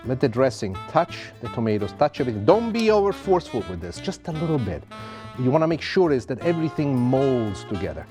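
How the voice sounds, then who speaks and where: A middle-aged man with an Italian accent hosting a cooking demonstration in a TV kitchen, talking in a playful, theatrical, self-mocking way. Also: medium pitch. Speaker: TV chef host. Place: TV kitchen set. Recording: music playing under the voice.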